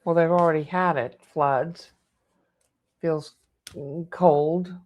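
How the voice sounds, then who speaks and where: Slow, low-voiced woman reading tarot. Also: steady tone, darkish tone, lo-fi sound. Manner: exclaiming, thinking aloud, emotional. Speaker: tarot reader.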